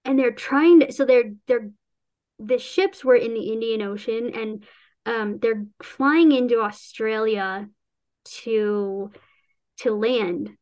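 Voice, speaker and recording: Woman author gabbing about her book, kinda high voice, lots of restarts and laughs. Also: slow pace, darkish tone. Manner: chatty, rambling with restarts and acted-out quotes; laughs often while talking. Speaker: author discussing her novel. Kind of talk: casual chat.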